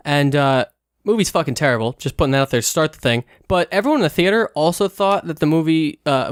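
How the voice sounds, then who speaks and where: A man's voice: a little high, no room sound, studio quality. Profane, ranting young man. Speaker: podcast host. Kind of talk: casual chat.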